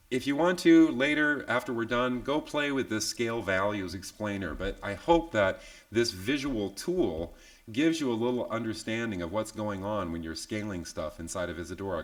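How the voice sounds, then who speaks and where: A man leading a live online software tutorial, talking in a relaxed, chatty way with tag questions and self-deprecating asides. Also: on the low side, moderate pace. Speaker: software instructor.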